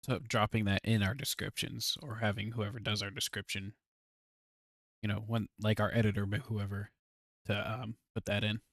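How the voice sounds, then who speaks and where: A man's voice: lowish voice, flat delivery, normal speed, creaky, fairly bright tone, dry recording, clean studio sound. Rambling laid-back game master guy. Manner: rambling, hesitant, laughs often. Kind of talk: casual podcast chat.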